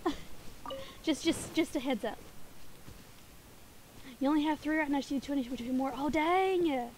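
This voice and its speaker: Giggly high-voiced woman streamer. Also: moderate pace, slight background noise. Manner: giggly, chatty, reads chat aloud. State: sniffly with hiccups. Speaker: game streamer. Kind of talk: casual livestream chat while gaming. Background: game music.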